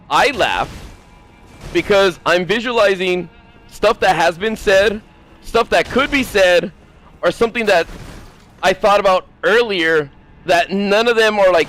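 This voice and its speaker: A man's voice: high-pitched, a bit bright, soft background music. A man streaming a game, rambling and swearing as he rants casually at his chat, sometimes mimicking other people. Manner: rambling, profane, mimics others in quick asides. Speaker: gaming streamer.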